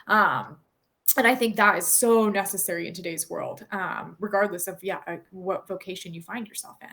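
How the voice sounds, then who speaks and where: This woman in her thirties is a guest author on a podcast, speaking in a mid-range voice that's steady and sharp at a normal speed. The conversational interview has her talking earnestly and thoughtfully, with many fillers and restarts.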